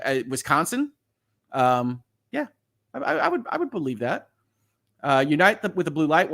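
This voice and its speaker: Halting, earnest middle-aged male livestream host. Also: a little high, fairly bright tone. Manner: halting, repeats words, earnest. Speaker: legal channel host. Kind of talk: livestream chat, reading viewer comments.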